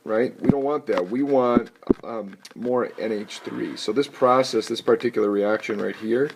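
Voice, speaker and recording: A man teaching a chemistry lesson in a playful, jokey way with animated asides. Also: mid-range voice, moderate pace, vocal fry. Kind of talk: recorded lecture. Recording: noisy recording with clicks.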